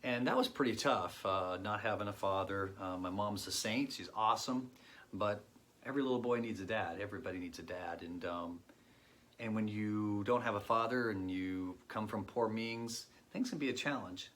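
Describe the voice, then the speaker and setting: A man in his late forties telling his personal faith testimony in an earnest, reflective way, pausing often. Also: fairly low pitch, fairly bright tone. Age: 40s. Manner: earnest and reflective, with pauses and fillers. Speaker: guest sharing his testimony.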